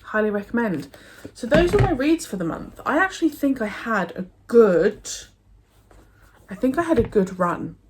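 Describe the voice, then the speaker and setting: A woman's voice: fairly high pitch, very animated, normal speed, background noise. A young woman from England chatting casually and enthusiastically about books she read, with many fillers and restarts. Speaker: book vlogger. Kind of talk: casual book review chat.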